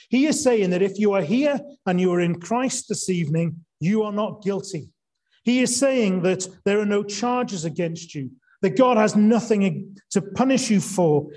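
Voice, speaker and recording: A male preacher gives an evening sermon in a mellow, warm voice pitched a little high for a man. He talks earnestly, asks his listeners rhetorical questions and presses hard on the words that matter.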